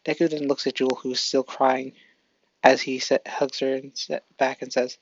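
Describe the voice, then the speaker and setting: Gravelly, stumbling fan storyteller. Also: medium pitch, little pitch movement, moderate pace, no echo, highs cut off. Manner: stumbling, self-correcting. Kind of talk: casual fan story narration.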